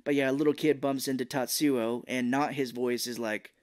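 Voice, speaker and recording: A male podcast co-host in an easy, chatty recap of an old favorite film. His voice sits at an ordinary middle pitch, and he keeps slipping into goofy impressions of the characters as he tells it. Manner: animated retelling, breaks into quick silly character voices. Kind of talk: casual movie recap chat.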